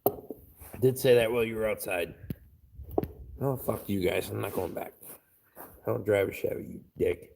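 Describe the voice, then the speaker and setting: A man's voice: lowish voice, normal speed, creaky, long pauses, noisy background. A man chatting casually on a live stream, reading out chat and swearing constantly in a crude, blunt way.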